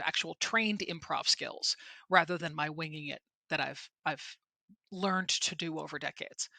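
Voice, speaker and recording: A middle-aged woman co-hosts a chat about public speaking. Her voice sits slightly low but rings bright and forward, and she talks candidly, with emphatic stresses and self-deprecating asides. The recording is close and dry. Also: no echo. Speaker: podcast co-host and presentation trainer. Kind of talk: conversational podcast chat.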